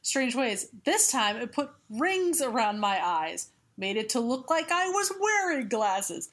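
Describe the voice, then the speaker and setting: A woman voicing an earnest young male superhero who plainly and slowly explains away an odd excuse. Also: a little high, big pitch swings, fairly bright tone, exaggerated voice. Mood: explaining.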